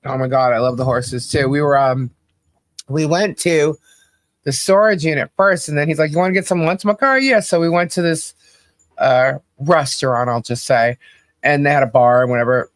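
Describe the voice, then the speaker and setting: A woman's voice: extremely low pitch, fairly even intonation, normal speed, no echo. A woman co-hosting a livestream in casual chat, laughing often and greeting viewers by name. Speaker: livestream co-host.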